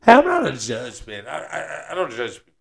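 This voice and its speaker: A man's voice: fairly high pitch, huge pitch swings, brisk, gravelly, a crowd in the background. A man co-hosting a casual chat, musing philosophically and laughing easily. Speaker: podcast co-host. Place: Texas.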